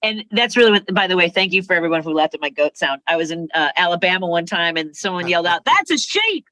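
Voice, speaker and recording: A middle-aged woman performing an animated, self-deprecating stand-up set over a video call. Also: on the low side, fast, no echo. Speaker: stand-up comedian.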